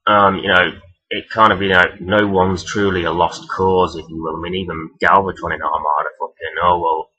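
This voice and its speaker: A man talking casually and rambling as he counts down his favourite characters, swearing freely and filling pauses with "um". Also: low-pitched, flat delivery, pushed and bright, dull audio. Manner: rambling, profane, many fillers. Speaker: vlogger ranking toy robot characters. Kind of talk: casual unscripted countdown talk.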